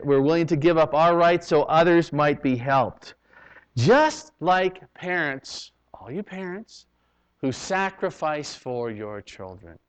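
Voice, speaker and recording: A male pastor from Canada preaching a sermon, swinging from loud, emphatic lines to hushed ones, on a dull lo-fi recording. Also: fairly high pitch, clean tone.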